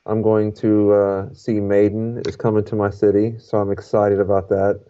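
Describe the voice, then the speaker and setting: Male podcast co-host, low and matter-of-fact, dull recording. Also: level tone, moderate pace, dark tone. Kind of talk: casual podcast chat. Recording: dull lo-fi sound.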